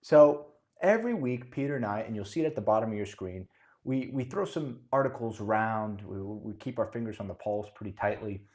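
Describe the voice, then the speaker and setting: Male co-host, playful and animated, casual podcast delivery. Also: lowish voice, a little fast.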